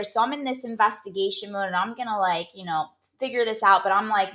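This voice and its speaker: A woman speaks as a performance coach in a casual motivational talk, chatty and full of "like" fillers. Her voice is bright and sharp. The room around her is echoey. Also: medium pitch, brisk, hardly any pauses, slight background noise. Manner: chatty, storytelling, lots of "like" fillers.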